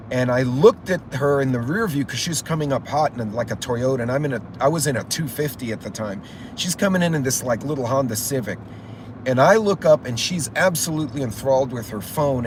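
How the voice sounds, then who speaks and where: A man's voice: mid-range voice, noisy background. A middle-aged man hosting a casual livestream, telling stories in a rambling, profane way. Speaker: channel host.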